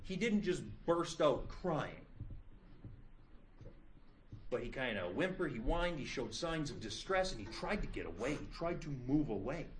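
A man's voice: on the high side, measured pace, slight background noise. A man teaching a psychology class, telling the story with jokes and dramatic gasps. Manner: lively, joking, animated storytelling. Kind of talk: classroom lecture. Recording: echoey classroom from far off.

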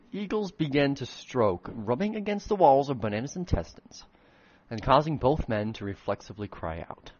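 A man's voice: mid-range voice, sing-song, moderate pace, darkish tone, slightly rough, no room sound, dull audio. A man reading his own old fan fiction aloud in a comedic dramatic reading, breaking off for self-mocking, swearing asides.

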